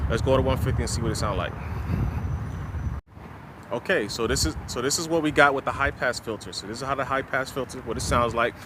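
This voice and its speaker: A man records a casual outdoor vlog with the camera at arm's length, raising his voice to carry over the wind. His pitch sits in an ordinary middle range. Steady gusts of wind noise roar around him. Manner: talks loudly to be heard over wind. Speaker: vlogger testing microphones. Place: outdoors in strong wind near a tripod. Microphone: camera mic held at arm's length.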